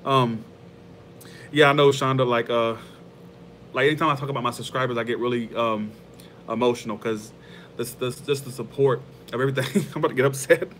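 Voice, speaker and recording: A man of middling pitch talks straight to his viewers in an easy, rambling livestream chat. He is heartfelt and laughs often. A faint background hum sits under the voice. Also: steady tone, normal speed, pauses often, a bit bright. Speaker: tarot channel host.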